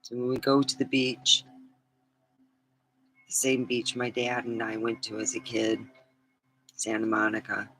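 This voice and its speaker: A woman's voice: a bass voice, completely flat delivery, measured pace, long pauses, a bit bright, soft background music, rough recording. A middle-aged woman vlogging in a casual, rambling chat, swearing freely and laughing at her own stories.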